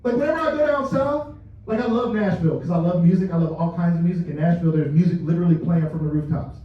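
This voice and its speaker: High-voiced man giving an echoey motivational talk. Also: quick pace. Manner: storytelling, addresses the audience directly, laughs at own stories. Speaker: company leader giving a culture talk. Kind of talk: motivational talk to a live audience. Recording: distant mic, dull and echoey room sound.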